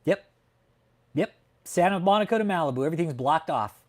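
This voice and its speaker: A man's voice: fairly high pitch, lively intonation, a little fast. Heated, profane man hosting a livestream. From California. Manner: heated, profane, emphatic, ends phrases with "man". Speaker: livestream host. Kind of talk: casual livestream chat. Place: home in Texas.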